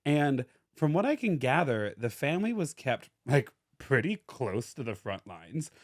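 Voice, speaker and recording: A man's voice: mid-range voice, big pitch swings, unhurried, dry recording, studio quality. A young American man casually telling a true-crime story as a podcast co-host, full of "like" fillers. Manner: chatty, lots of "like" fillers and laughter.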